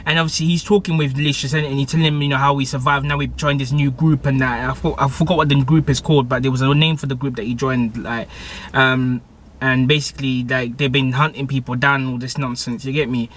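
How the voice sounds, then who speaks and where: A young man recapping a TV episode in a casual, excitable way, full of slang, fillers and restarts. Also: medium pitch, fairly quick. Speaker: TV show reviewer.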